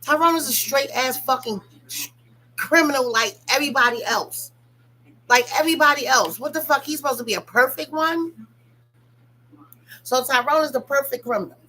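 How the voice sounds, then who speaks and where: A woman's voice: high-pitched, bright, forceful tone, poor audio. A woman giving blunt, profane casual gossip commentary on a reality TV show, talking straight to her viewers.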